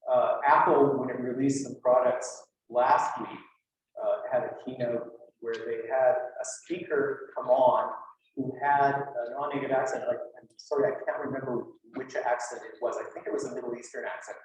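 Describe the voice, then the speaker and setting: A man's voice: mid-range voice, fairly even intonation, normal speed, distant mic. A man giving a conference talk in a loose, chatty way, with many fillers and asides. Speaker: lecturer. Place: lecture hall. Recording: echoey hall, from afar.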